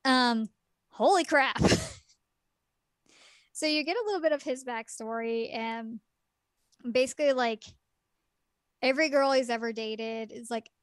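A woman on a podcast, casually retelling a story. She fills her talk with "like" and "um" and breaks in with quick laughs and exclaimed asides. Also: on the high side, no room sound. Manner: chatty, filler-heavy retelling with lots of "like" and "um". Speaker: podcast co-host reviewing a game.

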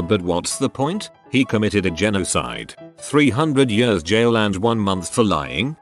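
A man narrating reader-submitted stories as scripted narration, reading aloud with a lively, animated delivery. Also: on the low side.

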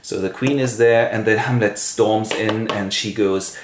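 A man's voice: lowish voice, steady tone, a little slow. A man hosting a playful retelling with toy figures, narrating in a wry, offhand way with joking asides. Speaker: host. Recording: roomy echo, faint noise.

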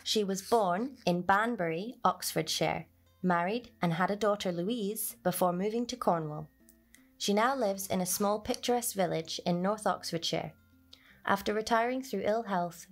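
A woman reading a children's picture book aloud in an expressive storyteller's voice. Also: mid-range voice, normal speed, creaky, faint music behind.

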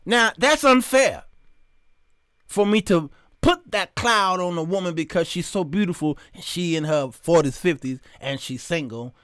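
A man hosting a live talk show, telling stories with animated, preacher-like emphasis and greeting viewers by name. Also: high-pitched, unhurried, clean tone, no room sound, clean studio sound. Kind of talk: live talk show monologue with chat shout-outs. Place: studio.

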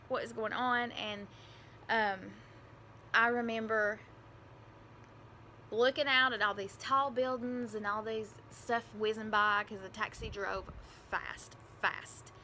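A woman's voice: mid-range voice, sharp tone, a little hiss or hum. A young woman with a country accent telling a personal story in a casual, rambling, earnest way, with lots of fillers. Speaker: adoptive mother vlogger.

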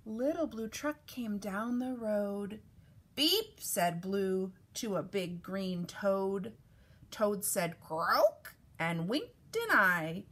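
Lively, animated woman reading a storybook. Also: medium pitch. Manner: expressive and animated. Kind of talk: reading a picture book aloud.

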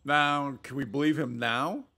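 A man's voice: mid-range voice, steady tone, measured pace, bright, forceful tone. A man playing a video game and commenting casually, rambling and hesitating as he talks. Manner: rambling, hesitant, chatty asides. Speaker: gaming YouTuber. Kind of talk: let's play commentary.

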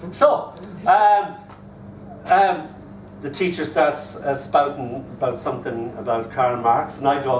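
A man's voice: mid-range voice, slow pace. Chuckling Irish poet in his sixties. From Ireland. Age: 60s. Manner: animated, chuckling storyteller who recites verse. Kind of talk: live poetry reading with storytelling. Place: hotel room at a poetry festival. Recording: echoey room, distant mic, noisy.

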